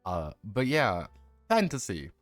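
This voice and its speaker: A man's voice: lowish voice, huge pitch swings, slow pace, fairly bright tone, dry recording, soft background music. A man casually chatting on a livestream about tabletop role-playing games, rambling and self-mocking with frequent restarts. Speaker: streamer discussing tabletop games.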